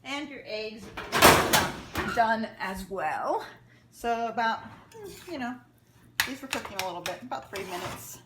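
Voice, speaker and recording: Over heavy background noise of clattering pans and dishes in an echoey kitchen, a woman casually walks through a home cooking recipe. Her fairly high voice has lively intonation and a slightly slow pace, and she rambles chattily, tossing in jokes.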